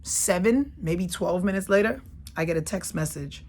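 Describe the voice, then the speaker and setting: A woman's voice: lowish voice, animated, moderate pace, a little mellow. A woman in her thirties hosting her own channel, telling a personal story in a casual, emphatic way and repeating phrases for effect. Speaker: channel host.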